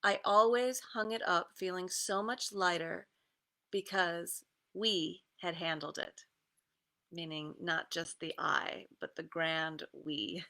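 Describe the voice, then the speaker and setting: A woman creativity coach talks slowly and easily through a guided meditation, stopping often with fillers. Her voice is bright but has a gravelly edge. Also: lowish voice, steady tone. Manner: easygoing, with many pauses and fillers, and laughs. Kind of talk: casual guided meditation talk with readings.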